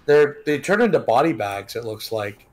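A man's voice: mid-range voice, sing-song, normal speed. A man co-playing a horror game in casual chat, making dry, wry remarks. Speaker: co-player and guest. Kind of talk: casual let's-play chat.

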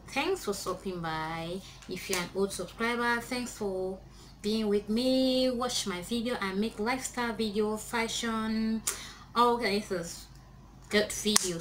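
A young woman with a Nigerian accent making a reaction vlog, exclaiming loudly and mixing in Nigerian Pidgin. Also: mid-range voice, a little hiss or hum. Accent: Nigerian English. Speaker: YouTuber. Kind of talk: reaction video rant.

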